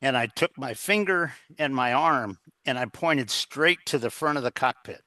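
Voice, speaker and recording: A man's voice: mid-range voice, normal speed, pushed and bright, no echo. A man telling an earnest story as a guest in a casual interview, acting out the dialogue as he goes. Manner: earnest, anecdotal, quotes others in dialogue.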